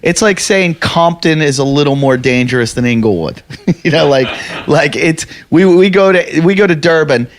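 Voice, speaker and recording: Slightly high male podcast host, animated, profane storyteller. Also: moderate pace. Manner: profane, animated, acts out other people's shouting. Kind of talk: casual storytelling chat.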